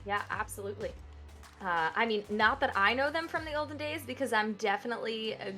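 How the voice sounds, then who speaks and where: A woman's voice: fairly high pitch, animated, fairly quick, pushed and bright, soft background music. Bubbly woman esports caster. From New York. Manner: bubbly, chatty, laughs often. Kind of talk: live esports commentary. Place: broadcast booth.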